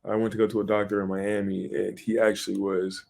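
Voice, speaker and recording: A young man co-hosting a podcast, telling a story in casual chat, animated and swearing freely as he acts out what he said back then. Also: on the low side, fairly quick, gravelly. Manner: animated, swears a lot, acts out his own past lines. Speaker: podcast co-host.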